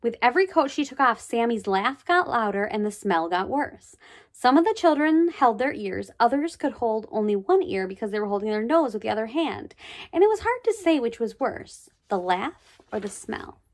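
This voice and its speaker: Storybook reader: woman, animated and expressive, fairly high voice, chatty asides. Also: normal speed. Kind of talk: reading a children's book aloud.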